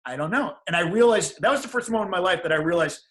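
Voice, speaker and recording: A middle-aged man, a guest on an interview show, telling a personal story in a casual, animated way and acting out the people he quotes. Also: high-pitched, racing. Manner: animated, acts out quoted voices.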